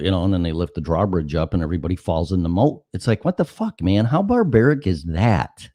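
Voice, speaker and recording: Middle-aged male host, deep voice swinging wide, dry close sound, profane storyteller. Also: brisk, no room sound. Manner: animated, profane, acts out dialogue. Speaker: talk show host. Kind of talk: casual chat, anecdotal storytelling.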